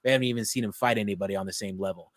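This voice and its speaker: A young man hosting a podcast, reviewing a TV episode in an excited, casual way and swearing freely. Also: on the low side, very fast, no room sound, clean studio sound. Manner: animated, gushing, swears freely. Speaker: podcast host.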